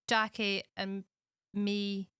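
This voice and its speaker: A woman's voice: medium pitch, completely flat delivery, very slow, a bit bright, clean tone, no echo, studio quality. A woman coaching on social media, interviewing a podcast host in a casual, earnest way with lots of fillers. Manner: earnest, searching questions with many fillers.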